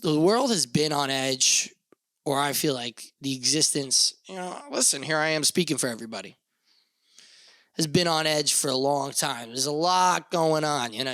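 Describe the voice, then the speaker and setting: A man's voice: a little high, sharp tone, no room sound. A young man hosting a solo podcast, rambling casually with lots of fillers and swearing. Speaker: podcast host.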